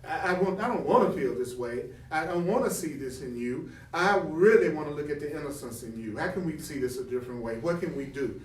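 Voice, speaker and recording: A man's voice: a little high, brisk, hardly any pauses, distant mic. A man teaching from a spiritual text, reading passages aloud and then explaining them with rhetorical questions and acted-out examples. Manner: animated, acts out example dialogue. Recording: roomy, from the mic.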